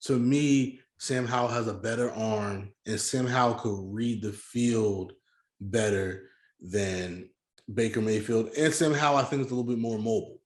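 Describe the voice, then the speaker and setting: A man's voice: fairly low pitch, normal speed, reverberant. A man co-hosting a casual sports podcast, arguing his points and often repeating himself. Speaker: podcast co-host.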